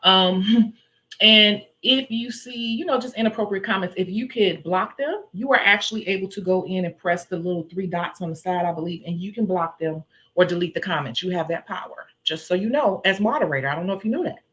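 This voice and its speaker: A woman with a Chicago accent, chatting casually and forcefully with viewers on a home livestream. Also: mid-range voice, fairly quick. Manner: forceful, blunt, chatty, laughs often. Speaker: nail tech livestream host. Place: indoors at home.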